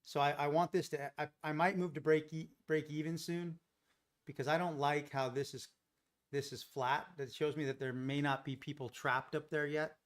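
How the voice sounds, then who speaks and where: A man's voice: a little high, fairly even intonation, moderate pace. A man hosting a live day-trading stream, thinking aloud through his trades and chatting with viewers. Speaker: day trading livestream host.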